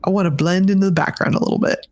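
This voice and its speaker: A woman's voice: mid-range voice, fairly even intonation, racing, darkish tone. A woman playing a tabletop game, chatting casually about her character. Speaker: player.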